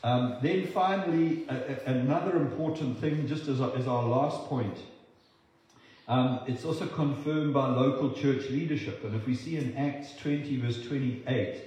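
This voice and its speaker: A man preaching a sermon in a strongly echoing room, his voice sitting at an ordinary middle pitch. He stumbles and repeats words as he restarts, then lifts into animated, acted-out quotes. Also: moderate pace. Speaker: pastor.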